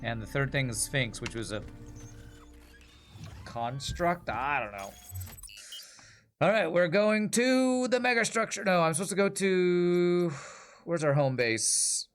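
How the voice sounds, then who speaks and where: A man's voice: fairly high pitch, takes it slowly, pauses often, smooth, soft background music. A man streaming a video game, talking casually and musing aloud in a rambling way. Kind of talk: casual gameplay commentary.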